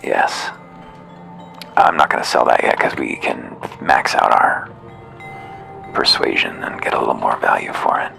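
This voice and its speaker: A man's voice: rumbling low, animated, moderate pace, gravelly, sharp tone, faint music behind. A man giving casual gameplay commentary in wry, muttered asides. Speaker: gamer.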